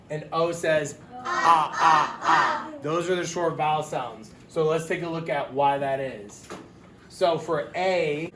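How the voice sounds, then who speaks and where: A male teacher giving a phonics lesson to young children, sounding out letters slowly and clearly and offering encouragement. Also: on the high side, echoey room, noisy background. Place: classroom.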